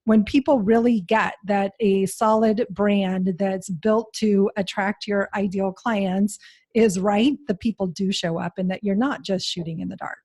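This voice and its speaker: Woman, podcast host, middle pitch, affirming, casual interview chat. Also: steady tone, measured pace. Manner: warmly affirming, enthusiastic.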